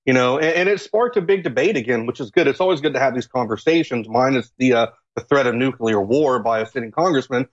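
On a political talk show, a male guest from Florida stumbles through his answers with fillers and restarts. His voice sits at an ordinary middle pitch, and the recording sounds muffled and a little lo-fi.

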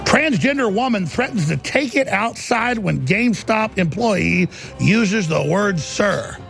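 Gravelly high-pitched ranting man. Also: expressive, unhurried, over music. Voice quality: gravelly, raspy. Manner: ranting, mocking, acts out others' voices. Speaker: talk show host. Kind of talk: heated monologue.

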